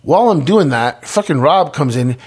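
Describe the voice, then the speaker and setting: A man's voice: a little high, animated, moderate pace, darkish tone. A middle-aged man telling his story in a casual interview, stumbling over repeated words and restarts. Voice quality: gravelly, husky, many repeated words and restarts.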